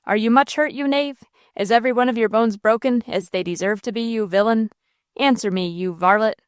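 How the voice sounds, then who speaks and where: A woman's voice: a little high, fairly quick, clean tone, no echo, studio quality, lightly acted. A woman voicing a hot-tempered old man in an audiobook, scolding and blustering. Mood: scornful.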